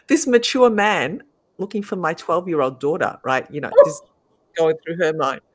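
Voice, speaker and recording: A middle-aged woman, a guest, telling a story in a lively, animated way and laughing often. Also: low-pitched, normal speed. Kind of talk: casual storytelling.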